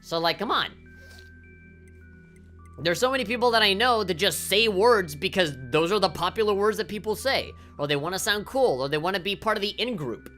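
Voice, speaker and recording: A woman's voice: mid-range voice, animated, a little fast, fairly bright tone, faint music behind. A woman game streamer ranting on a livestream, swearing often and heated, with lots of fillers.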